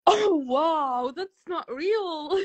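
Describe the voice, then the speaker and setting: High, giggly starstruck woman from Algeria. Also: lively intonation, drawn-out words, lo-fi sound. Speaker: fan calling in to a livestream. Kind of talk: casual chat.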